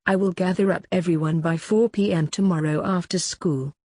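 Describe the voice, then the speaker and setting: A woman's voice: lowish voice, fairly even intonation, moderate pace, dark tone, no echo, studio quality, natural voice. A woman voicing a shy teenage schoolgirl who stammers when flustered. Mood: eager.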